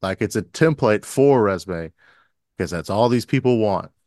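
A man's voice: lowish voice, animated, normal speed, a little mellow, no echo, clean studio sound. A man co-hosting a podcast, riffing sardonically in casual comedic banter with mock-grand phrasing. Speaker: podcast co-host.

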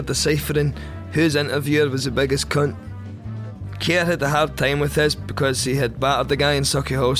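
Wry Scottish man telling a story. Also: fairly high pitch. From Scotland. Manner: wry, deadpan, crude humour. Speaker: podcast storyteller. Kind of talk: first-person comic storytelling.

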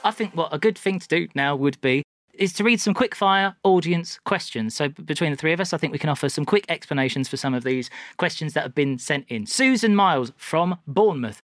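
A woman's voice: low-pitched, lively intonation, a little fast, dry recording, clean studio sound. A woman hosting a podcast, reading out listener questions and encouraging her guests. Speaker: podcast host. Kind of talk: casual chat.

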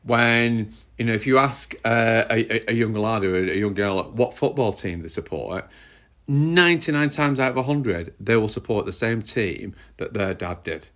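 A middle-aged man with a northern English accent talks in a fairly low voice. He co-hosts a relaxed conversation, rambling a little and restarting his sentences as he goes. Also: moderate pace. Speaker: podcast co-host. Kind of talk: casual chat.

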